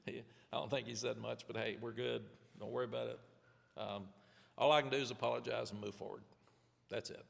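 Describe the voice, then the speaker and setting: Old guy in his 70s, gravelly coach talk, reverby press room. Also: mid-range voice, fairly even intonation, fairly quick. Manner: candid, rambling, self-deprecating with restarts. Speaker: head football coach. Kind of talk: press conference answers.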